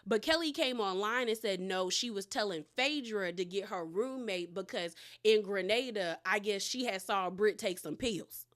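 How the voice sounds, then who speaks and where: A woman's voice: medium pitch, moderate pace, hardly any pauses, a bit bright. Brief: woman, reality TV recap host, casual and slangy, mid-range voice, storytelling flow. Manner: chatty, slangy, retells scenes with quoted lines.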